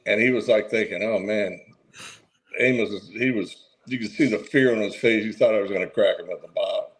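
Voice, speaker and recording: Veteran wrestler telling an easygoing story. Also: male voice, fairly low pitch, steady tone, fast, low-quality recording. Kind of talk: casual storytelling.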